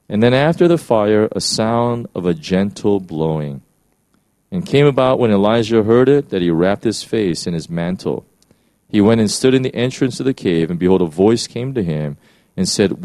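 Casting note: male preacher with a lowish voice, casual sermon delivery that keeps restarting, dry close sound. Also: warm tone, no echo. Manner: conversational, with many restarts and acted-out quotes.

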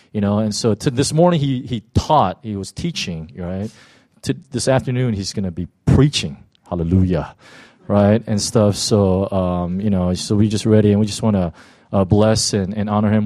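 An older male pastor talks to his church in a loose, rambling way, full of "you know" and "right?". His voice sits low and sounds dry and close. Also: warm tone, no echo. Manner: casual storytelling with many fillers. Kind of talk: church announcement.

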